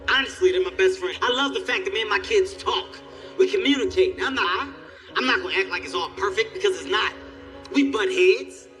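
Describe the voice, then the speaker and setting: A man doing profane, animated stand-up storytelling on stage, jumping into squealing character voices. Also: sits high. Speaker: stand-up comedian. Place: comedy stage.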